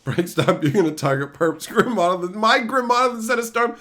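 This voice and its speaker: A man's voice: sits high, very animated, brisk, hardly any pauses, a bit bright. A male streamer casually answering chat questions in a profane, rowdy, mocking way.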